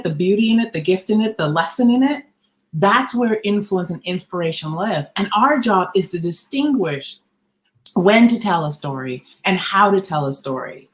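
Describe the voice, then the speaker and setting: A woman mindset coach hosting a podcast conversation, speaking in an earnest, emphatic, motivational way. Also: mid-range voice.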